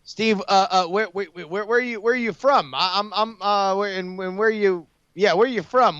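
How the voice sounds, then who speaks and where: High, smooth-voiced male player. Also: normal speed, hardly any pauses, a bit bright, dry recording, muffled recording. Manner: hesitant, stammering with many fillers. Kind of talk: tabletop role-play.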